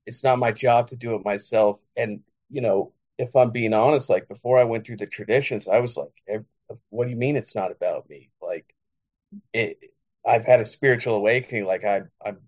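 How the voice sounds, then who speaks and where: A man sharing at a recovery meeting, reflective and halting, with many fillers. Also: mid-range voice, fairly even intonation, darkish tone, lo-fi sound.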